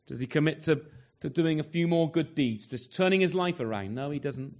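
Male preacher, slightly high voice, earnest sermon delivery with rhetorical questions. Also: a little fast. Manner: earnest, rhetorical questions, wide swings in pitch and loudness.

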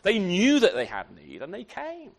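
A man preaching a sermon to his congregation, animated and often repeating words as he restarts his sentences. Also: high-pitched, moderate pace. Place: church.

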